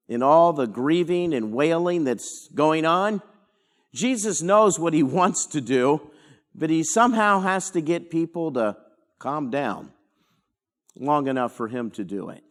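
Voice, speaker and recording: A man speaking as a pastor, teaching a verse-by-verse Bible study in an unhurried, explanatory way with dramatic pauses. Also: fairly high pitch, lively intonation.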